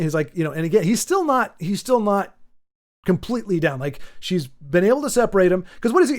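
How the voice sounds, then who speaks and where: A man hosting his own channel, ranting off the cuff in a rambling way, full of restarts and fillers. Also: high-pitched. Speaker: channel host. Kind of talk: off-the-cuff commentary rant.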